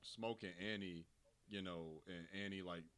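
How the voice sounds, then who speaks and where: A man's voice: low-pitched, steady tone, moderate pace, a bit bright. A man co-hosting a casual film review chat, joking and retelling scenes. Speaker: co-host.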